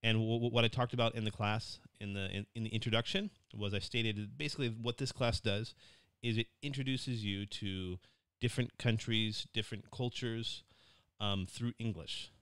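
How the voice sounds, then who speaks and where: An American university lecturer talks through a recorded class summary, his voice low-pitched and smooth. He speaks plainly, circling back with fillers and small restarts, and the sound is dry and close. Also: normal speed, no room sound. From United States. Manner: relaxed, repetitive with many fillers and restarts.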